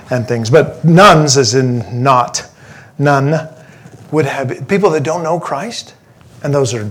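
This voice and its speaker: A pastor telling a personal story in a sermon, animated and self-deprecating, with some humor. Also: male voice, medium pitch, a little hiss or hum.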